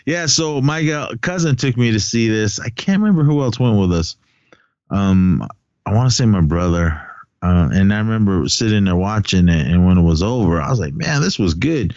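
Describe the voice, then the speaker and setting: A man with a very low voice rambles through a casual podcast chat about films, laughing often and filling pauses with "uh" and "um." The sound is dry and a bit dull, as if on a modest home mic. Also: a little mellow, no echo. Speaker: podcast co-host.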